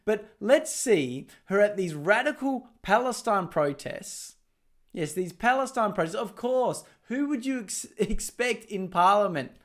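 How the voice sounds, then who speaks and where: A man's voice: high-pitched, animated, measured pace, a bit bright. An Australian man hosting a commentary video, talking casually and mockingly over clips. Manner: mocking, sarcastic, laughs at clips. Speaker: political commentary host.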